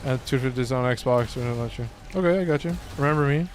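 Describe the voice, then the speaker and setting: A man's voice: medium pitch, fast, faint music behind. A man with a Californian accent chatting loosely and swearing while streaming a game. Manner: loose and joking, swears often. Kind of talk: casual live-stream chat while gaming.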